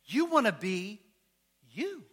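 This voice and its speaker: Pastor, male, high and bright, bouncy delivery, jokes with the congregation mid-sermon. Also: takes it slowly, breathy edge. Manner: animated, joking, asks the congregation questions. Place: church.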